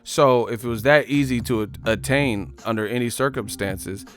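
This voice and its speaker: Slangy mocking male streamer. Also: moderate pace. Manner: animated, mocking, slangy, mimics commenters in high voices. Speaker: live stream host. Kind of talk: casual live stream chat reading comments.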